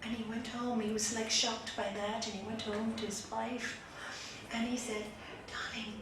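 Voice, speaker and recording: A woman yoga teacher giving a spiritual talk to a group, chatty and animated, telling a fable. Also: a little high, moderate pace. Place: meditation group's meeting room. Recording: echoey room, distant mic, background noise.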